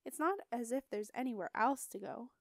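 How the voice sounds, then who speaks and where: A polite young girl speaking hesitantly, read by a woman. Her voice sits a little high. The recording is dry and close. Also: moderate pace, creaky, no echo.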